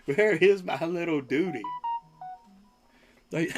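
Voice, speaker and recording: A laid-back man chatting on a casual home livestream and cooing at his pet. He talks slowly. His fairly high voice swoops up and down a lot. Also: lively intonation, breathy edge. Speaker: livestream host. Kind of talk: casual chat.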